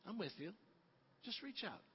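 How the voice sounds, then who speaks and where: A man voicing Jesus in a gentle, reassuring, conversational way, with little change from his own voice. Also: sits high, expressive, moderate pace. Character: calm kindly Jesus, grown man. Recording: reverberant, dull lo-fi.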